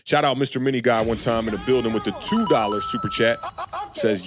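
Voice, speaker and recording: A man hosting a live sports talk stream, talking loosely and frankly to chat viewers and shouting them out. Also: medium pitch, brisk, music in the background. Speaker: sports channel host.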